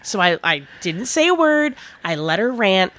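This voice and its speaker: A woman's voice: mid-range voice, big pitch swings, normal speed, a bit bright, slight background noise. A woman and podcast co-host who manages a restaurant, telling a work story in casual chat. She swears now and then and acts out both sides of the conversation.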